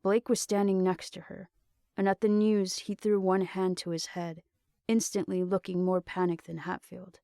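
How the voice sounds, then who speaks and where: A woman narrating a novel aloud in a steady, measured reading. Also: on the low side, dry recording, studio quality. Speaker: audiobook narrator. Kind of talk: storybook narration.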